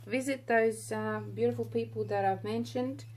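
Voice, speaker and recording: A resin artist chats and murmurs casually while working in her indoor home studio by a window, often trailing off mid-thought. Her voice is on the high side with fairly even intonation at a moderate pace, and the recording is very noisy.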